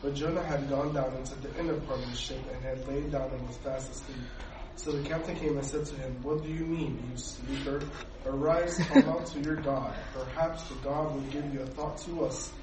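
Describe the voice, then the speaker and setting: Man reading scripture aloud, steady, distant, echoey room. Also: mid-range voice, moderate pace, crowd noise. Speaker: group member reading scripture. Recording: roomy, distant, with noise.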